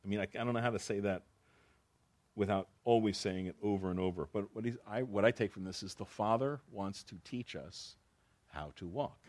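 A man's voice: fairly low pitch, fairly quick, a little mellow. A man preaching as a pastor, reading Bible verses and explaining them in a conversational way, often repeating phrases and restarting sentences.

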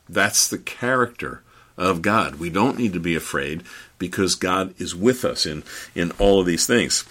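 A man preaching a sermon in an earnest, halting way, often repeating words as he builds each point. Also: sits low, bright, forceful tone, husky.

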